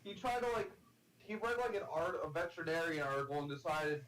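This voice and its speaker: A man's voice: a little high, lively intonation, a little fast, a bit bright, a little hiss or hum, rough recording. Rambling man on a game stream. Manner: rambling storyteller, many fillers and restarts, teasing. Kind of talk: casual chat on a game stream.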